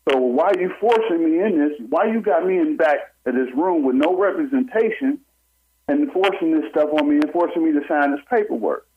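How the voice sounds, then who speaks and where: A man's voice: on the high side, a little fast. A man, a barber and homeowner, telling his own story to a talk show host with urgency and acting out what other people said. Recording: slightly muffled with faint noise.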